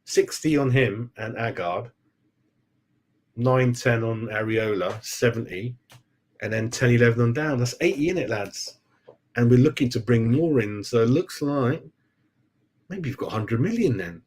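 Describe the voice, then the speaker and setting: Man, fan channel host, casual live-stream chat, rambling, laughs a lot, mid pitch. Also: a little slow, a little mellow. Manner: rambling, chatty, laughs often, calls viewers mate.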